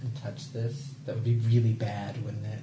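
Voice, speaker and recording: A woman playing a tabletop game, excitable, swearing and joking at herself. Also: rumbling low, moderate pace. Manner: excitable, swears, self-mocking. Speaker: player. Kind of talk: casual tabletop chat. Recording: echoey room with background noise.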